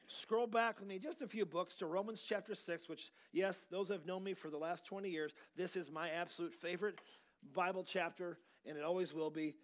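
A man preaching a sermon as pastor, telling stories in a loose, halting way and rising to emphatic, drawn-out proclamations. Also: high voice, fairly even intonation.

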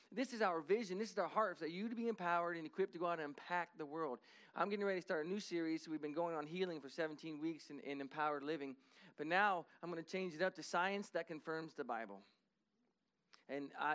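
A middle-aged man preaching a sermon as pastor, talking animatedly and rising to emphatic high points. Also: fairly bright tone, clean tone.

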